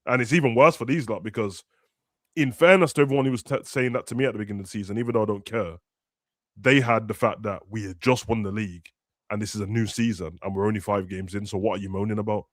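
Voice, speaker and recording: A man's voice: on the low side, fast, no room sound. A young man, chatting casually and ranting animatedly as a football podcast host. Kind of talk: casual chat.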